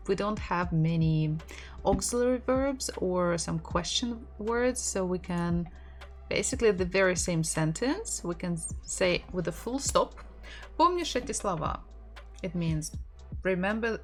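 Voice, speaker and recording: A woman with a Russian accent teaching an online language lesson, patiently repeating words slowly so learners can practice. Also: medium pitch. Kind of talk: online language lesson, slow drilled pronunciation.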